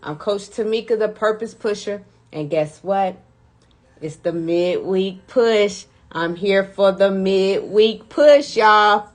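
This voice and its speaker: Woman mindset coach, upbeat hype-up talk, mid pitch. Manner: energetic, chatty, hypes her listeners. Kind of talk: motivational live talk.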